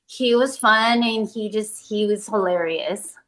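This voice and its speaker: A woman guest on a podcast, speaking softly and haltingly, often restarting her sentences. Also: mid-range voice, low-quality recording. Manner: soft-spoken, halting, with frequent restarts. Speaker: guest, bereaved mother. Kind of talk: casual interview.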